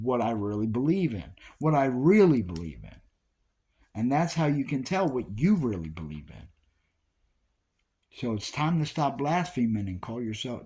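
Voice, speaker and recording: A man's voice: mid-range voice, a little mellow. A man giving an informal Bible study talk, repeating key phrases with emphasis as he preaches. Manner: repetitive, emphatic preaching with restarts.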